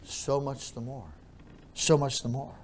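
A male pastor preaching a sermon, repeating his phrases and moving between quiet storytelling and loud, raised preaching. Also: mid-range voice, flat delivery, a little slow, breathy edge.

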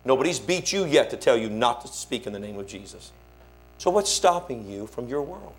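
In this sermon, a male pastor tells stories at normal speed with a mid-range voice. His delivery is animated, and he slips into the voices of those he quotes.

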